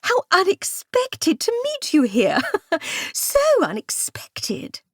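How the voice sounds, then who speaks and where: A woman's voice: very high-pitched, wildly swooping pitch, slow, fairly bright tone, no echo, whispered, clean studio sound, pitched above the performer's own voice, heavily acted. A woman doing an airy, imperious society lady. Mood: falsely delighted. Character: bossy, breezy young society lady.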